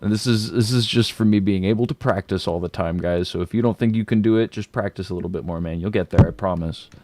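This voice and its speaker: Laid-back, low-voiced streamer guy. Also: fast, a little mellow, no room sound, faint music behind. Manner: laid-back, slangy, laughs often, self-deprecating. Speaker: game streamer. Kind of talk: casual stream chat.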